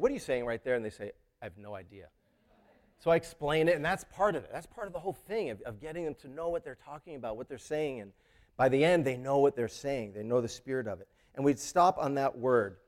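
A man's voice: medium pitch, darkish tone. A man who teaches school, talking earnestly about a story's theme, often repeating words and restarting sentences. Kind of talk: reflective talk on a story's theme.

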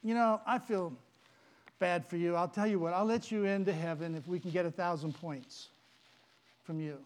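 A man voicing Saint Peter as a calm, wry gatekeeper in a story told from the pulpit. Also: high voice, normal speed, lightly acted. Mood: offhand.

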